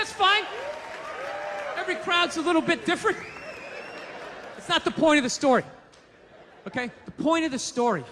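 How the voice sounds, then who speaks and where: A man doing a stand-up comedy routine, telling a story in a loud, exasperated, profane way at a live venue. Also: extremely high pitch, a little hiss or hum. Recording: live stage mic in a hall.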